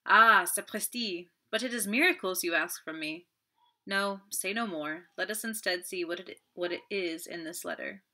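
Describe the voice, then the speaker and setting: A woman's voice: fairly low pitch, normal speed, bright, forceful tone. A woman voicing a fussy, proud male detective, formal and clipped. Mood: earnest. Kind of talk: audiobook character voice.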